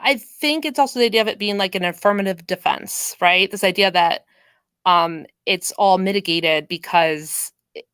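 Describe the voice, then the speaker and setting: A woman's voice: medium pitch, normal speed, a bit bright, clean tone, no room sound. A woman hosting a casual discussion, thinking aloud with frequent restarts and hedges. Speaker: host.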